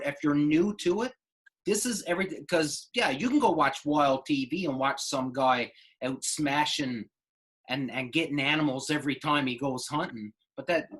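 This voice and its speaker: A man's voice: a little high, a bit bright. A man hosting a podcast, asking long, loose questions full of fillers. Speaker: podcast host. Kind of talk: casual podcast chat.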